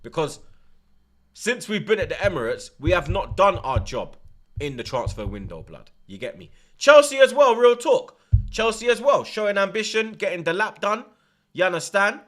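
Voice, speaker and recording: A man's voice: high voice, big pitch swings, normal speed, a bit bright. A young man, hosting a football watchalong and ranting emphatically in street slang. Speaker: watchalong host. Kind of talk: heated football rant.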